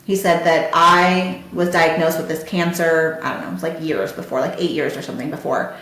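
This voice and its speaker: A woman's voice: deep voice, fairly even intonation, brisk, a bit bright. A woman hosting a podcast, telling a personal story in an emotional, conversational way full of "you know" and "like". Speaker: podcast host. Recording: very echoey room.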